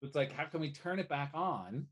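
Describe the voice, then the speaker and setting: A man talking as a life coach guest in a casual podcast conversation, animated and casually swearing. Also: fairly high pitch, moderate pace. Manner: animated, swears casually, acts out little quoted voices.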